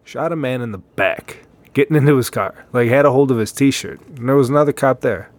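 A man's voice: mid-range voice, fairly quick, dry recording. A man co-hosting a podcast in laid-back casual chat, often chiming in to agree. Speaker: podcast co-host.

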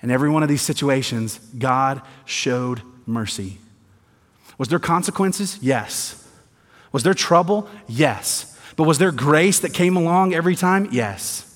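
A male pastor delivers a sermon, dropping to quiet, deliberate points and then building in intensity, sometimes with sarcasm. His voice sits slightly high for a man. The sound rings out with the long reverb of a large church hall. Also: lively intonation. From American South. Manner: swings from quiet emphasis to rising intensity, sarcastic asides.

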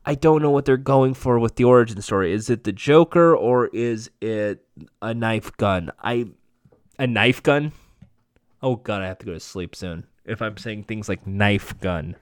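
A man's voice: fairly low pitch, a little slow, smooth, no room sound, studio quality. A man giving a casual spoken recap and review of a TV episode, rambling and often correcting himself mid-sentence. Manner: rambling, self-correcting, offhand swearing.

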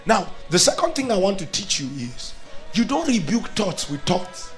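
A man preaching a sermon with a fairly high voice. He swings between loud declarations and hushed, acted-out inner thoughts, with soft music playing faintly behind him. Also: very animated, measured pace. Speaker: pastor.

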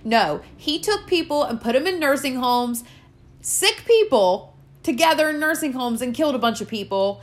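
A woman's voice: sits high, expressive, moderate pace. A woman hosting her own podcast, ranting in a casual, profane way with lots of fillers like "like" and "you know". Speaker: podcast host.

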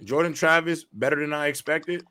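A man's voice: fairly high pitch, steady tone, moderate pace, sharp tone, slight background noise. A man co-hosting a casual sports podcast, making his points emphatically and repeating them. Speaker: podcast co-host.

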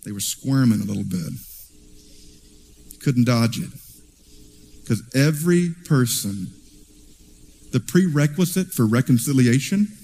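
A man preaching a sermon in an animated storytelling way, heard in a church hall with reverb. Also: medium pitch, unhurried, vocal fry, pauses often, slight background noise. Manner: animated storytelling with acted quotes.

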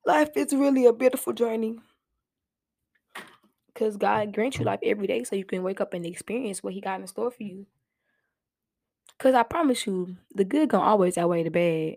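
A woman's voice: medium pitch, dark tone, dry recording, studio quality. A young woman hosting her own podcast, giving heartfelt motivational talk in casual, slang-filled speech. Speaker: podcast host.

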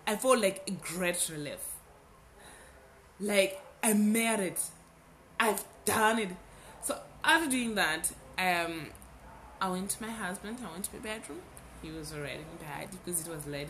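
A young adult woman hosting a podcast tells a personal story in a casual, animated way, repeating words for emphasis. Her pitch is fairly low, and a little hiss or hum runs under the recording.

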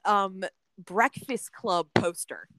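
Lively young woman hosting a podcast. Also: medium pitch, slow pace, slight background noise. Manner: animated, lots of filler words and swearing. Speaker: podcast host. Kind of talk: casual chat.

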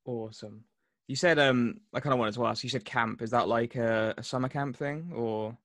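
A man's voice: mid-range voice, moderate pace, no echo. Man from England, chatty interviewer, laughs easily, dry close sound. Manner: friendly, laughs easily, repeats tags like "isn't it". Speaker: interviewer, host. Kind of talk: casual interview chat.

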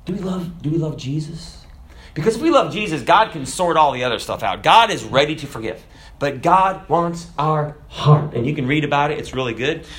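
A man's voice: on the high side, fairly bright tone. A man preaching a sermon, talking in a conversational way and asking his listeners rhetorical questions. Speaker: pastor.

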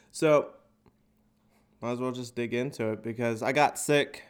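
A man's voice: medium pitch, smooth. A man with a stuffy, nasal cold hosting a podcast and doing a crude, sarcastic stand-up bit from an echoey open office. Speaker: podcast host and stand-up comic.

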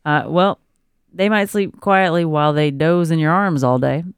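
She's a co-host on an easygoing podcast, pregnant, reading parenting guidance aloud before riffing with laughter. Her low-pitched voice is clear and resonant, at an ordinary speed. There's no echo, just clean studio audio.

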